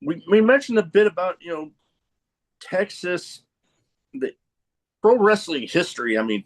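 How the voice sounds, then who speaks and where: A man's voice: sits high, big pitch swings, unhurried. A man hosting a podcast, asking long, rambling questions with many restarts. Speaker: podcast host. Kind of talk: interview questions.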